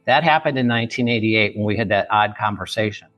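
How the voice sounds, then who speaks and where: A man's voice: fairly low pitch, fast, a bit bright, no echo, soft background music. Man in his fifties telling a painful story. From Chicago area, US. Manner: vivid retelling that acts out remembered dialogue. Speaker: author and podcast guest. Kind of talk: emotional personal storytelling.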